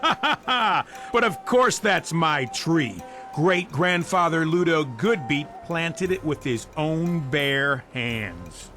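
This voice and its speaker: A blustering, stubborn villager. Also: male voice, on the high side, animated, takes it slowly, sharp tone, soft background music, exaggerated voice. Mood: indignant. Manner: indignant, blustering. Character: stubborn quarrelsome male villager. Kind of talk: game voice acting.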